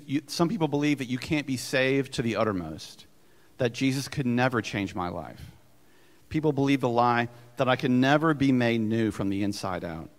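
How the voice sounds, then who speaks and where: A male pastor preaching a sermon, earnest and emphatic, with conversational asides. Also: medium pitch. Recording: long reverb of a church hall.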